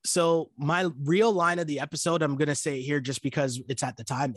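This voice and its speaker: Canadian-raised guy cohosting a pod, rambly and self-deprecating, kinda high voice, dry mic. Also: fairly even intonation, brisk, no room sound. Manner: chatty, self-mocking, laughs often. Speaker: podcast co-host. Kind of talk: casual chat.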